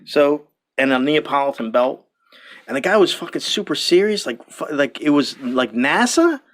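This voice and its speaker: Male podcast host, slightly high voice, profane rambling storyteller. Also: sing-song, moderate pace. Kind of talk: casual podcast chat.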